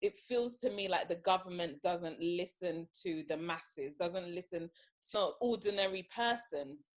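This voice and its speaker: A woman's voice: lowish voice, a little slow. A woman hosting a casual podcast chat, speaking carefully and hesitantly, often restarting her sentences. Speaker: podcast host.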